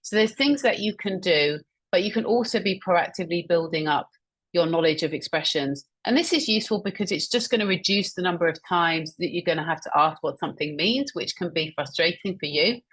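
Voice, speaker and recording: Husky, low-pitched woman giving a webinar lesson. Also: a little fast, fairly bright tone. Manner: encouraging, explains with examples and repeats them back. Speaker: webinar presenter and communication trainer. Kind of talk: instructional webinar talk.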